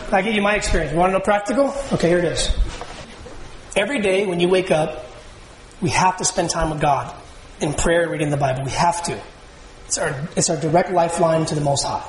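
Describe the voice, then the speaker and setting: A pastor preaching a sermon, firing questions at the congregation and answering them himself in a call-and-response style. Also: male voice, high voice, brisk, pauses often, echoey room, a little hiss or hum, low-quality recording.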